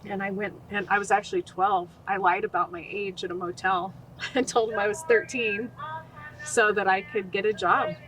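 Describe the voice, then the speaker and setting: A woman's voice: mid-range voice, moderate pace, slight background noise, poor audio. A woman in her forties from Utah, a podcast guest telling her life story and acting out the quoted voices. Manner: animated, acts out quoted voices. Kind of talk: storytelling interview.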